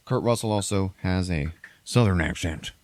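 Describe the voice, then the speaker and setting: A man hosting a podcast, casually retelling a movie plot in a rambling, profane way and briefly acting out characters in exaggerated high voices. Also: unhurried, no echo. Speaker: podcast host recapping a movie. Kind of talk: casual chat.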